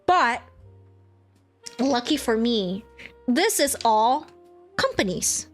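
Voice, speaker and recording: A young woman streamer chatting casually, telling a story with animated swearing and acted-out quotes. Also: a little high, unhurried, faint music behind. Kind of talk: casual chat.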